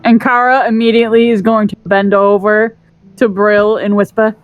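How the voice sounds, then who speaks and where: A woman playing in a tabletop game over an online voice call, unhurried and giggly. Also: medium pitch, little pitch movement, no echo, phone-quality sound, faint music behind. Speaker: player.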